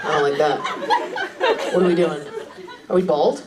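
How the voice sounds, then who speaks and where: A woman stand-up comedian doing crude, brash crowd work on a club stage, with quick asides to the audience. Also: deep voice, vocal fry, far from the mic. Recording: roomy club sound, crowd laughter.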